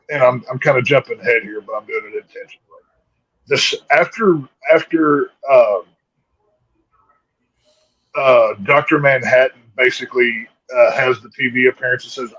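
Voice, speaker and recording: Casting note: casual male movie reviewer, husky and blunt, dry slightly dull recording. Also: medium pitch, fairly bright tone, no echo. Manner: rambling, blunt, lots of restarts. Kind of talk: casual chat.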